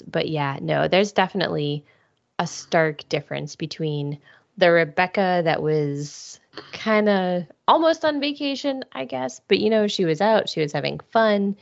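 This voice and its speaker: A woman co-hosts a casual podcast and often chimes in to agree. Her voice is low and gravelly and moves a lot in pitch. The recording is dry and lo-fi. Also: animated, dry recording. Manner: agreeable, quick short affirmations. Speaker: podcast co-host. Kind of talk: casual chat about a TV episode. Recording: dull, lo-fi home podcast audio.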